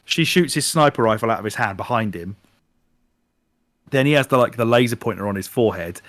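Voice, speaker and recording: A man co-hosting a podcast in casual chat, animated and swearing freely while retelling things. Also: fairly low pitch, brisk, no room sound. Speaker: podcast co-host. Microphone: podcast microphone.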